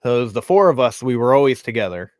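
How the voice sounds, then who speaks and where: A man's voice: mid-range voice, big pitch swings, quick pace, dry recording. Casual swearing man telling stories. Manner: loose storytelling, heavy swearing, frequent fillers. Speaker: podcast host. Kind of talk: casual chat.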